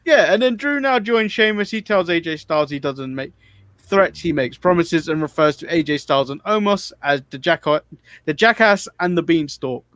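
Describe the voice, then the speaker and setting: A man's voice: on the high side, moderate pace, a bit bright, dry recording. A man hosting a wrestling podcast in casual chat, leading the recap with wry, critical remarks.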